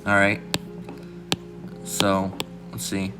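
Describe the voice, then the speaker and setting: Male host, low register, casual rambling commentary, heavy on fillers, guitar music bed under the voice. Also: completely flat delivery, very slow. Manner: rambling, fills with "all right" and "you know"; mimics others in a raised mocking voice. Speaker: channel host. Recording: music playing behind the voice.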